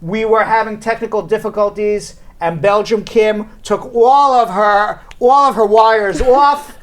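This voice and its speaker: A man's voice: high-pitched, measured pace. A man in his forties hosting a live talk show, chatty and joking at his own expense. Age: 40s. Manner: joking, chatty, self-deprecating. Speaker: talk show host and lawyer.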